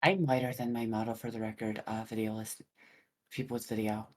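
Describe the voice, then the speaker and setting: A podcast co-host with a dry, teasing, deadpan way of talking in casual chat. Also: medium pitch, a little fast, slight background noise. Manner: dry, teasing, calls partner "darling".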